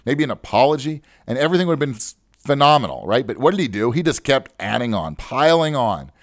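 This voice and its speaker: Male podcast host, animated pitch, dry close mic, chatty storytelling, rhetorical asides. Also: dry recording. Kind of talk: storytelling monologue.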